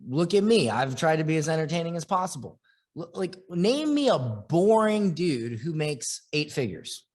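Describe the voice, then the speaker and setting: A man's voice: fairly high pitch, big pitch swings, a little mellow. Fired-up, profane male marketing coach. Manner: restless, with quick bursts and restarts. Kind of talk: motivational training talk.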